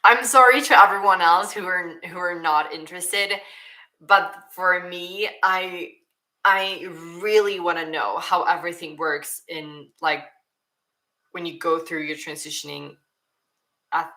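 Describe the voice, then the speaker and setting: A woman's voice: lowish voice, steady tone, measured pace, pushed and bright. A woman streamer, chatting casually and reading viewer questions aloud, often restarting her sentences. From Sweden. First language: Swedish. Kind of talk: casual livestream Q&A.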